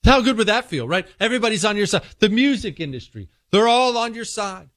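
A man hosting a political commentary monologue, telling an animated story and acting out characters. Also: high voice, fairly quick, dry recording, clean studio sound. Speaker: political talk show host.

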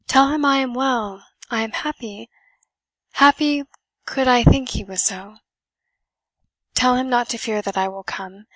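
A woman's voice: a little high, fairly bright tone, dry recording. A woman voicing a proud young noblewoman, imperious and defiant.

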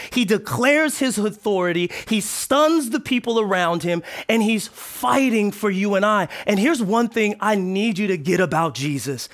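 A man with a high, light voice preaches with playful energy. He drops to near-whispered asides, then climbs into sudden shouts. His delivery is lively and conversational, like he's talking right to the congregation. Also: a little slow, hardly any pauses. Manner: animated, playful, swings from quiet to shouting. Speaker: pastor. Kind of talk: sermon.

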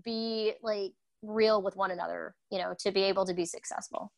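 A woman's voice: medium pitch, fairly even intonation, normal speed, creaky, no echo, poor audio. A woman talking candidly and intensely in a casual conversation as co-host.

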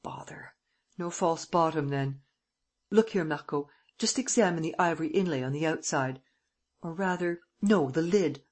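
Cocky, commanding gentleman-burglar man read by a reader, husky tone, middling pitch, audiobook. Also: close to an everyday voice. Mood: excited. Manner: brisk, mocking, commanding. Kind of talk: audiobook dialogue reading.

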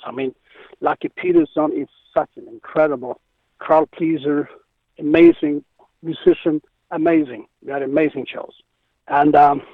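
Male musician guest from Israel, animated storyteller, higher voice, dry tinny phone line. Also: dry recording. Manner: animated, acts out quotes. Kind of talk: storytelling interview.

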